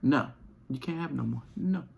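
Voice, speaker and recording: A parent hosting a podcast, venting comically in casual slang, who swings from low mumbling to loud outbursts. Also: normal speed, gravelly. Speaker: podcast host; parent of young children and an eleven-year-old. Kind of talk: comedic venting monologue.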